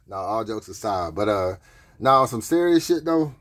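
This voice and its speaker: A man's voice: a little high, sing-song, unhurried. A man giving casual, laid-back commentary while reacting to a clip on a live stream.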